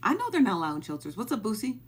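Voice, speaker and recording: Husky woman ranting on a live stream. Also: mid-range voice, wildly swooping pitch, very fast. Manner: incredulous, repeats questions, thanks viewers. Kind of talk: casual live stream commentary.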